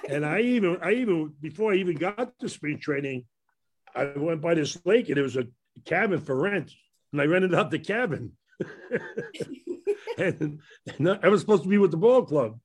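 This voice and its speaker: Animated and husky, the voice belongs to an older man with a Brooklyn accent, a former ballplayer, speaking at a fairly high pitch and normal speed. He rambles through stories about his past on a panel in a casual way, laughing at his own tales.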